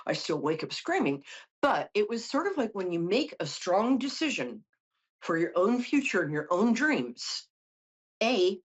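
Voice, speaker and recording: A woman's voice: medium pitch, slightly rough, lo-fi sound. A middle-aged woman hosting a call-in psychic show, reading tarot cards in a chatty, joking way with lots of asides. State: tired from no sleep. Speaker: psychic host.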